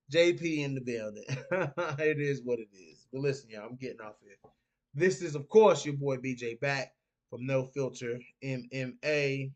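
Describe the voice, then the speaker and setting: A man's voice: medium pitch, measured pace. A young man from North Carolina with a Southern accent, hosting a casual live stream, reading chat comments aloud and laughing often.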